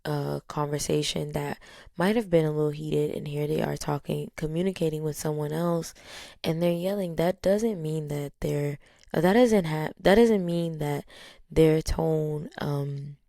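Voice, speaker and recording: A woman with a low voice and some vocal fry talks through her thoughts in a steady, unhurried way. Her tone hardly changes, and she fills her pauses with small fillers. The sound is dry and close. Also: no room sound. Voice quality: low, even tone. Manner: calm, steady, many fillers. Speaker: podcast host. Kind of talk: casual reflective talk.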